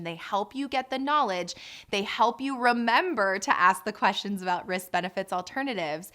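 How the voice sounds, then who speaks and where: A woman with a bright, forward voice talks frankly about supporting people through birth. She sounds candid and caring, and at times she drops into a gentle, soothing coaching tone. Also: on the high side. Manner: warm, candid, drops to soft coaching tones. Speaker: doula and birth educator. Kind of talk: casual explanatory talk.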